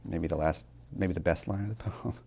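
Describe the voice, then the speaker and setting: A man teaching a class as a college tutor, emphatic, asking rhetorical questions and slowing down to stress key words. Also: low-pitched, creaky, mellow, a little hiss or hum. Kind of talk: classroom lecture on poetry.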